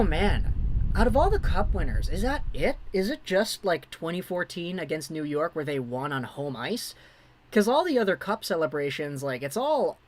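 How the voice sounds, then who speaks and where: A man's voice: on the high side, rough recording. A young man hosting a casual hockey livestream, chatting and answering viewers' messages. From Vancouver, Canada. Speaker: livestream host.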